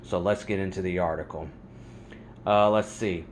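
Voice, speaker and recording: A man's voice: low-pitched, fairly even intonation, moderate pace, a little hiss or hum. A man hosting a religious commentary vlog, talking in an angry, fired-up rant. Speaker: host.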